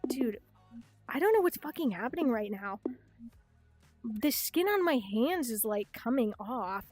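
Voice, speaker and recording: A young woman streamer rambles through casual livestream chat, swearing freely and jumping up in pitch whenever something bothers her. Her voice sits a little high and sounds dry and close to the mic. Soft music plays faintly behind her. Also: dry recording. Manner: rambling, swearing, expressive, sudden rises in pitch. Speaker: VTuber streamer.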